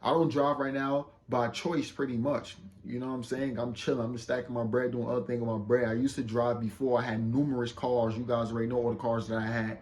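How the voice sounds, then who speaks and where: A young man telling a casual storytime to his viewers in a loose, slangy, boastful way. He keeps checking in with the listener and gets loud and excited when he retells an argument. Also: medium pitch, fast talker, few pauses. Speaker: vlogger.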